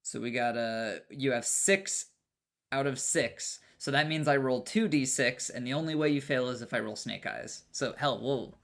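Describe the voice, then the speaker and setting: A man's voice: medium pitch, normal speed, a bit bright. A man narrating as game master of a tabletop game, casual and profane, with many fillers and restarts.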